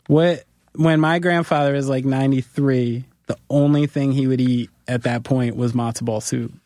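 A man's voice: medium pitch, steady tone, normal speed, a little mellow, no room sound. Jersey guy hosting a podcast, jokes around and rambles, dry close sound. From New Jersey. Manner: jokey, rambling, laughs often. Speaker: podcast host. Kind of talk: casual chat.

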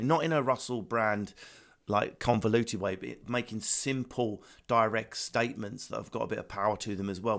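A stand-up comedian with an Essex accent, talking fast and animated in a casual interview over a video call, swearing freely. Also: male voice, fairly low pitch. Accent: Essex English. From England. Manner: fast, energetic, swearing, acts out voices. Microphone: remote video call.

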